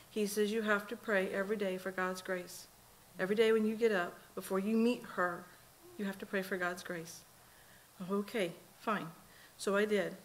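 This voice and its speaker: A woman's voice: medium pitch, steady tone, normal speed, a little hiss or hum. A middle-aged woman, a mother speaking at a memorial service, telling earnest, folksy stories about her daughter with lots of quoted dialogue. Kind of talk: personal eulogy storytelling. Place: church sanctuary.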